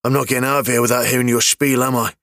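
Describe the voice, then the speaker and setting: A male narrator voicing a worn-out old detective, a gruff and grudging drinker, in an audio story. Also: medium pitch, flat delivery, racing, fairly bright tone, no echo, studio quality. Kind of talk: audiobook character voice.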